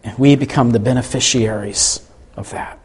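A man's voice: medium pitch, moderate pace, slightly rough. A man preaching a sermon, speaking earnestly and reading scripture with dramatic emphasis.

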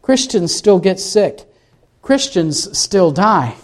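Slow and sing-song, this high male voice belongs to a pastor giving a sermon. He reads scripture aloud and asks the congregation questions in the course of explaining it.

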